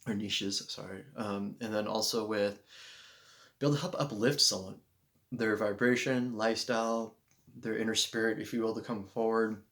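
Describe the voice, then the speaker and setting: A man's voice: fairly low pitch, steady tone, normal speed, fairly bright tone. A man vlogging spiritual thoughts to a handheld camera, talking in an earnest, rambling way full of "you know" fillers. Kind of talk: casual self-filmed monologue. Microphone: handheld camera mic.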